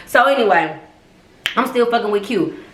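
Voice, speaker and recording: A young woman on a live stream, telling a personal story in a profane, animated, slangy way. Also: mid-range voice, normal speed. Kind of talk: casual storytelling to a live audience. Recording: echoey room.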